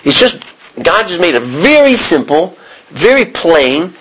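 An American man teaching a Bible sermon in a conversational way, often restarting and clearing his throat. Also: a little high, very animated, measured pace, fairly bright tone, poor audio. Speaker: preacher.

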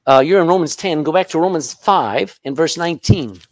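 A male preacher with a high voice that swings widely, delivering a sermon with emphatic energy. He keeps tossing questions to the congregation and punches key words. The sound is dry and close. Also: animated, a little fast, no room sound. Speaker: pastor.

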